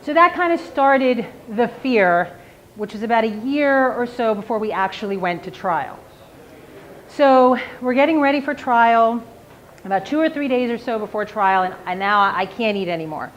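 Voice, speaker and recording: A woman's voice: a little high, lively intonation, moderate pace. Woman telling a live story, slightly muffled. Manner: conversational, with frequent "like" and self-mocking humor. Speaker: defense attorney telling a personal story. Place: live event stage. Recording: slightly dull live recording with faint ambience.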